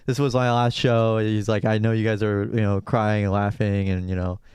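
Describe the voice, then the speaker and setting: A man's voice: fairly low pitch, flat delivery, moderate pace, a little mellow, clean tone, no echo, clean studio sound. Sarcastic, rambling podcast co-host man. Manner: rambling, sarcastic, laughs often. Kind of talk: casual podcast chat.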